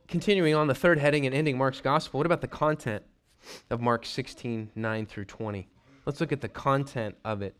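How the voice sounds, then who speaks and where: A man preaching a teaching sermon, lively, putting on voices for quick asides and clearing his throat now and then. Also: mid-range voice. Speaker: pastor.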